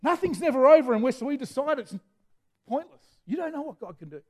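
High voiced guy preaching a sermon, gets loud and shouty a lot. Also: a little fast. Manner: energetic, shouts out key phrases.

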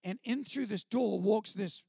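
On a church stage, a lively New Zealand guest speaker with a high-pitched, creaky and husky voice tells his personal testimony to a live audience. He's unhurried yet animated, chatty, self-deprecating and often laughing. The recording is dry and studio quality.

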